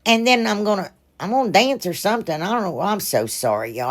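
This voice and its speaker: A woman's voice: medium pitch, expressive, fairly quick. Chatty woman crafting on her vlog. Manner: chatty and rambling, talks to viewers as "y'all"; self-deprecating, laughs at her own mistakes. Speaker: craft channel host. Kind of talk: casual DIY crafting vlog.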